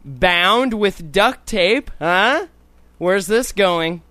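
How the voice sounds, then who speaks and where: Brief: crude sarcastic male podcast host, unhurried delivery, smooth dry voice. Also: high-pitched, animated, sharp tone, dry recording. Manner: profane, sarcastic, mock-indignant. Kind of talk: crude comedic talk show banter.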